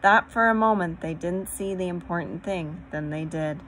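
Woman reading a storybook, lowish voice. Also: moderate pace, fairly bright tone, a little hiss or hum, poor audio. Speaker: audiobook reader. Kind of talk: storybook narration.

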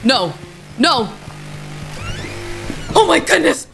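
A woman's voice: high voice, sing-song, extremely slow, gravelly, a bit bright. A woman giving let's-play commentary, jumpy and flustered. She keeps crying out in alarm and pleads with the game under pressure. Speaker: gaming YouTuber. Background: game music.

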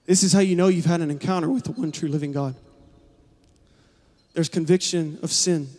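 A man preaching a sermon as pastor, building from quiet, low passages to passionate, shouted climaxes. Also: steady tone, moderate pace, long pauses. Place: large church hall. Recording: long hall reverb.

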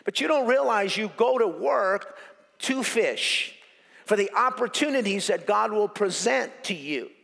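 A male pastor preaching a sermon in an animated, joking way, repeating phrases for emphasis. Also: sits high, unhurried, creaky. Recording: echoey hall reverb.

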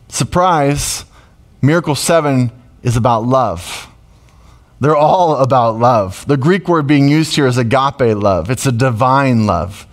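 A middle-aged man preaching a sermon as pastor, conversational and emotional, with sudden loud rises. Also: medium pitch, animated, slow pace.

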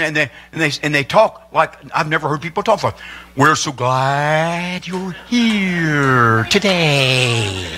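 A man preaching a humorous sermon as pastor, animated and joking, building up to excited shouting. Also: on the high side. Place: church sanctuary.

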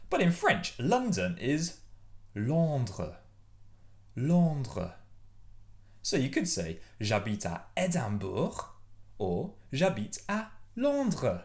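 A man's voice: medium pitch, wildly swooping pitch, slow pace. A man teaching a playful beginner French lesson for kids, drilling words aloud with theatrical swings in his delivery. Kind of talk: energetic beginner language lesson.

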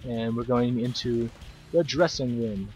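A man's voice: mid-range voice, unhurried, darkish tone, soft background music. A young man giving casual, rambling video game commentary, mocking himself and swearing easily. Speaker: let's play commentator.

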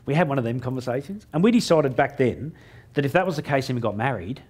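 A man's voice: medium pitch, lively intonation, a little mellow. Joking man telling stories on stage. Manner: joking, self-mocking, quick asides. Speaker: motivational speaker. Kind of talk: humorous keynote storytelling. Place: stage before a live audience.

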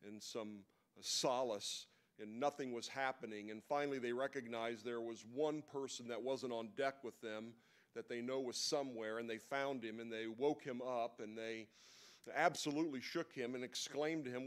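A man's voice: medium pitch, unhurried, a bit bright, clean tone. A man giving a sermon at a men's breakfast, retelling a story in an easy conversational way with occasional asides.

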